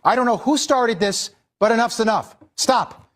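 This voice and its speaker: A man's voice: extremely high pitch, normal speed, a bit bright, a little hiss or hum. A man giving exasperated opinion commentary as a news commentator. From Irish heritage. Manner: exasperated, scolding.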